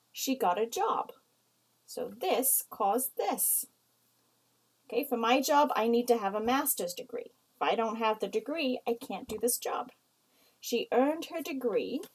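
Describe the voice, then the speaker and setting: Female writing teacher, a touch high-voiced, patient and explanatory delivery. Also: breathy edge, poor audio. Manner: slow, explanatory, reads example sentences aloud. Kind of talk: recorded writing lesson.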